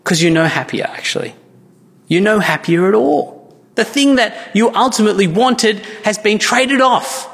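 Long reverb from a church hall surrounds a pastor delivering his sermon in an earnest, conversational manner with frequent restarts. His high voice is gravelly and slightly bright, at normal speed.

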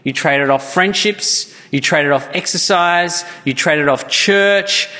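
A man's voice: a little high, takes it slowly, bright, forceful tone. A man, preaching a sermon as pastor in an earnest, conversational way with frequent restarts. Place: church. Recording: church hall with long reverb.

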